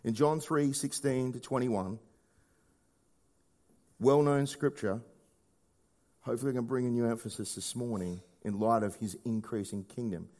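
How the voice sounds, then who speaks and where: A man preaching a sermon in a conversational way, often asking rhetorical questions and swinging between hushed low lines and raised emphatic ones. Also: normal speed, long pauses.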